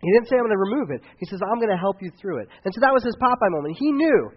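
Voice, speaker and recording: A man preaching a sermon in a relaxed, chatty way, his voice sitting a little high for a man. He slips in offhand asides between points. The recording sounds a bit dull and lo-fi. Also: racing, few pauses, slightly rough. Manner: casual, conversational preaching with asides. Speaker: pastor.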